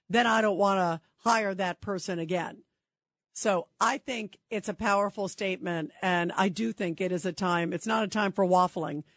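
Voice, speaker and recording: A woman's voice: mid-range voice, dry recording. A woman hosting a call-in radio talk show, emphatic and opinionated, cutting in on callers.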